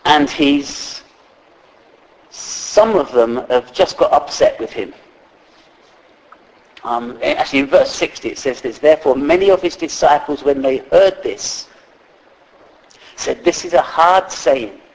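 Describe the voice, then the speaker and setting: A man preaching a sermon in a conversational, halting way, with fillers and restarts, reading scripture aloud. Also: fairly high pitch, darkish tone, rough recording.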